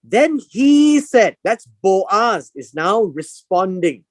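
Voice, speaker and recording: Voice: mid-range voice, big pitch swings, slow pace, hardly any pauses, dry recording. A Bible teacher giving a verse-by-verse lesson, explaining word meanings and repeating key words for emphasis.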